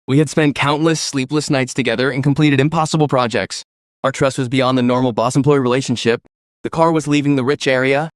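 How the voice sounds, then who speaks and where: Fast-talking man narrating a story recap. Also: medium pitch, dry recording. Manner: fast, steady storytelling that reads every character's lines in his own voice.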